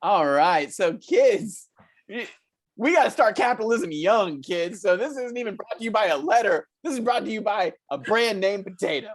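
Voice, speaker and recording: A man's voice: high-pitched, lively intonation, normal speed, pitched above the performer's own voice. A man improvising an overeager children's TV show host, talking in a sing-song way as he plugs a sponsor. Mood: peppy. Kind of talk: improv comedy scene.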